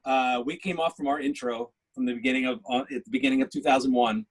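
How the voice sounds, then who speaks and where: A man's voice: mid-range voice, fast talker, slightly rough, rough recording. A man, a festival co-founder, telling stories about himself in a casual, easygoing, self-deprecating way. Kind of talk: casual anecdotal storytelling.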